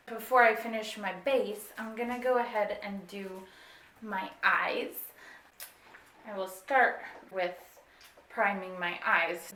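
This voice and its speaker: A young woman in her twenties walks through a casual makeup tutorial at an unhurried pace, speaking at a middle pitch. Her easygoing step-by-step explaining has plenty of filler words. The room lends a roomy echo, with faint ambience behind her. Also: a bit bright, slight background noise. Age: 20s. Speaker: beauty vlogger.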